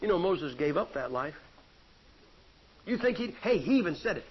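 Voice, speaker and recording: A man's voice: high-pitched, lively intonation, moderate pace, long pauses, husky. A man preaching a sermon in a folksy, joking, conversational way. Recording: dull lo-fi recording.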